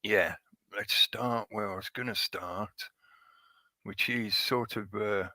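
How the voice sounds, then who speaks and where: Man, lowish voice, bright and forceful, rambling casual livestream chatter. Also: steady tone, slow pace, no room sound. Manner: chatty and rambling, reading out chat names. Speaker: livestream host. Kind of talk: casual live-stream chat.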